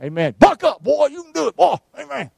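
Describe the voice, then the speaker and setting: A male preacher, giving a sermon, calling on the congregation to answer and shouting verses out. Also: very high-pitched, sing-song, brisk, creaky, dry recording. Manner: calls for responses, shouts the verses out.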